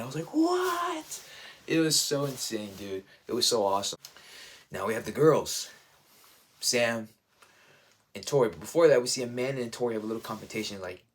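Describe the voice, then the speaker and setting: Excitable young-sounding man rambling casually. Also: medium pitch. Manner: enthusiastic, rambling, heavy use of "like", "dude" and "bro". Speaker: reviewer.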